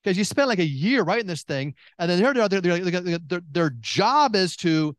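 A middle-aged man preaching a sermon, emphatic and repetitive, swinging between excited bursts and hushed intensity. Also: high voice, moderate pace, no room sound. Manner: repeats phrases and restarts.

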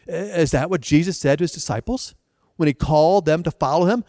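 A man's voice: fairly high pitch, expressive, brisk, a little mellow, dry recording, studio quality, in a large hall. Man preaching, storytelling with restarts. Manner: storytelling with repeated restarts and playful asides. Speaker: pastor. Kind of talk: sermon.

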